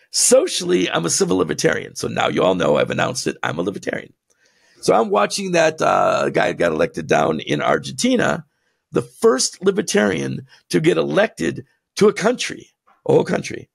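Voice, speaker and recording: A man co-hosting a podcast who rants in a heated, blunt way, laughing between his jabs, with a gravelly voice. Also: on the high side, very animated, normal speed. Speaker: podcast co-host. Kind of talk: impassioned ranting podcast talk.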